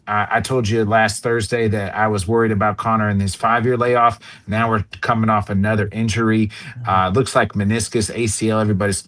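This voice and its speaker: Male fight analyst guest, lowish voice, casual rambling storyteller. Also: fairly bright tone. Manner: rambling, storytelling, filler-heavy. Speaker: combat sports analyst guest. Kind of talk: casual sports talk.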